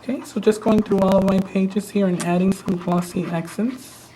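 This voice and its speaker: A man teaching a craft project on a live stream, talking in a relaxed, hesitant way and often repeating words. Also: sits high, normal speed, background noise. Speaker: craft instructor. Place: studio.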